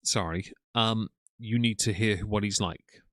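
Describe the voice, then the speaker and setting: A man hosts a casual live stream and chats loosely between greetings, full of ums and trailing asides. His voice sits low and is recorded close and dry, with no room sound around it. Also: unhurried, fairly bright tone, no echo. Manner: chatty, rambling, with frequent ums and yawns. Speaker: livestream host.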